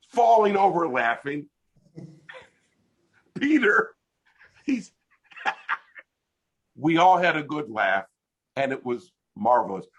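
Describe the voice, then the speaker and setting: An older American man with a husky, slightly raised voice tells a story on a video call. His pitch leaps around as he laughs and builds the joke, casual and animated throughout. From United States. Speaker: interview guest, hypnotist.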